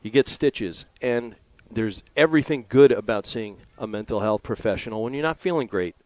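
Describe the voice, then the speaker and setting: A man's voice: mid-range voice, animated, normal speed, dry recording. A man from Maryland doing color commentary at a lacrosse game, talking in a chatty, earnest way with lots of fillers and asides. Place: press booth at a lacrosse game.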